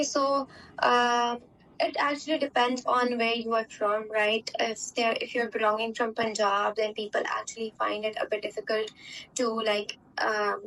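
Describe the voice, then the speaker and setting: A woman's voice: a little high, fairly bright tone. A young woman from Pakistan, speaking English with a Pakistani accent, answers interview questions in a chatty way full of fillers and tag questions. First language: Urdu. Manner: chatty, many fillers and "right?" tags. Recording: distant mic with faint background hum.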